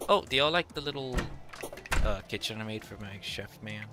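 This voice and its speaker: A man's voice: medium pitch, moderate pace, sharp tone, soft background music. A young man giving casual gameplay commentary, rambling and ranting animatedly. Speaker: gaming video creator.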